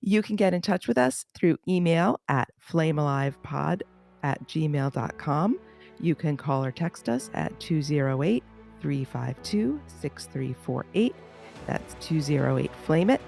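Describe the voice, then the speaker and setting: A woman's voice: sits low, animated, unhurried, vocal fry, darkish tone, soft background music. A woman co-hosting a podcast in casual chat, joking and playful. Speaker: podcast co-host.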